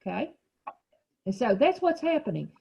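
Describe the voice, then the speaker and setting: Husky lady teacher on a dull lo-fi video call, patient, asks the kids lots of questions. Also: fairly high pitch, sing-song, mellow. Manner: patient, questioning, explains slowly. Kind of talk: online small-group reading lesson.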